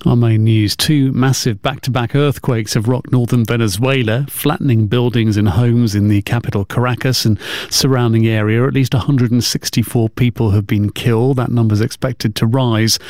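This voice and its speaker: A man presenting a radio news programme in a brisk, measured way. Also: medium pitch, a little mellow, no room sound, clean studio sound.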